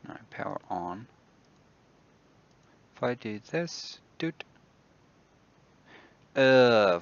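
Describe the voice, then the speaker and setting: A man's voice: fairly low pitch, creaky, smooth, dull audio. A man with a New Zealand accent who hosts a game dev stream from his office, muttering to himself and thinking aloud as he builds things in the game. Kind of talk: casual livestream commentary while demoing a game.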